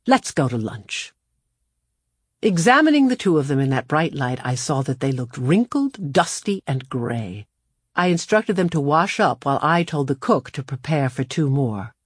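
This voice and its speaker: A woman narrating a storybook in the first person, in a measured, unhurried way. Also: sits low, husky, no room sound, clean studio sound. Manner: measured, unhurried storytelling with lively shifts for dialogue. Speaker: audiobook narrator.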